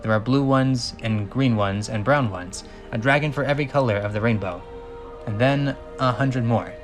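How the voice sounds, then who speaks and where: Host reading a script aloud, dry asides, faint music underneath. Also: male voice, medium pitch, moderate pace.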